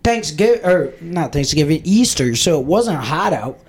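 A man's voice: fairly high pitch, moderate pace, slightly rough. A man in his twenties, telling rowdy stories on a podcast, swearing freely and laughing as he goes. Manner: profane, excitable, laughs while telling stories. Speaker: podcast host. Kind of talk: casual storytelling chat.

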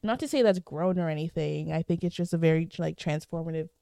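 A woman co-hosting a podcast, chatting casually about a book, animated and laughing often. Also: sits low, fast talker, creaky, no echo, studio quality. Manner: animated, laughs often, reads long quotes aloud. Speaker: podcast co-host. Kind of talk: casual book-club chat.

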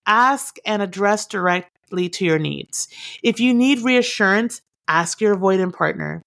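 A woman's voice: medium pitch, normal speed, gravelly, a bit bright. A woman giving direct, earnest relationship advice and repeating her key points for emphasis. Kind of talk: advice talk to camera.

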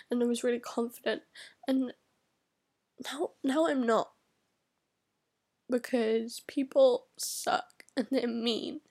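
A teenage girl vlogger cries and vents in a rambling confessional, speaking in broken phrases while upset. Her voice is high-pitched and warm with a gravelly fry, and it often drops to a whisper.

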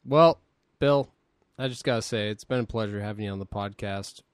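A man co-hosting a podcast in casual comedic chat, deadpan and sarcastic. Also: fairly low pitch, a little fast, smooth, no room sound, clean studio sound. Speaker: podcast co-host.

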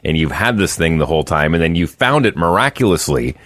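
A man's voice: extremely low pitch, sing-song, brisk, fairly bright tone, no echo. A man hosting a morning radio show, chatty and jokey, talking straight to listeners. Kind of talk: casual radio banter. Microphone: studio microphone.

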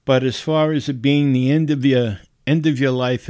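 A man's voice: mid-range voice, fairly even intonation, moderate pace, few pauses, darkish tone, clean tone, no echo, studio quality. A middle-aged man hosting a podcast, giving casual advice and telling personal stories in an earnest, folksy, pleading way. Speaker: podcast host.

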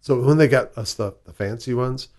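A man's voice: medium pitch, normal speed, darkish tone. A man with a Chicago accent, a guest in an interview, who tells rambling stories full of fillers and restarts. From southwest side of Chicago. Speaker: guest, whisky ambassador. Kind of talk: casual interview storytelling.

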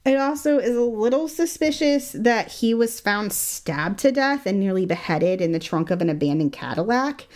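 A woman telling a true-crime story in casual chat, animated, laughing often and acting out quotes. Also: mid-range voice, moderate pace, hardly any pauses. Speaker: guest storyteller.

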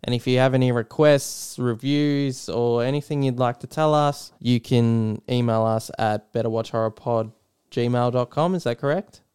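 An Australian man co-hosting a casual podcast, his voice smooth and clear. He rambles, restarts his sentences and swears freely. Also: medium pitch, fairly even intonation, normal speed, darkish tone. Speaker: podcast co-host. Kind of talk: casual chat.

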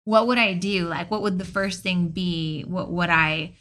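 A woman's voice: fairly low pitch, unhurried. A middle-aged woman, a mother, telling a family story in casual talk and acting out what people said. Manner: animated storyteller, acts out quotes. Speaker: mother and podcast co-host.

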